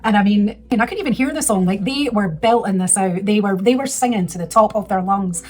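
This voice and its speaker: A woman's voice: mid-range voice, fairly quick, darkish tone. A woman in her thirties telling a rambling, emotional personal story in a casual vlog. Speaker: vlogger.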